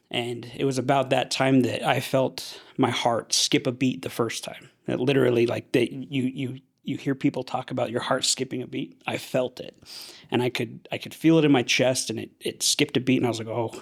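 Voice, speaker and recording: Young guy from idaho on a podcast, gravelly voice, halting and earnest, lots of restarts. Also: medium pitch, flat delivery. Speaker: podcast guest. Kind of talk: personal storytelling.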